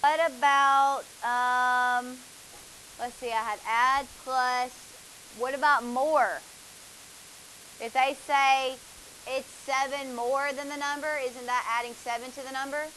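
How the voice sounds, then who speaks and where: A woman's voice: high-pitched, fairly even intonation, takes it slowly, bright, forceful tone, slight background noise, poor audio. A woman, teaching a math class, asking students questions and praising their answers.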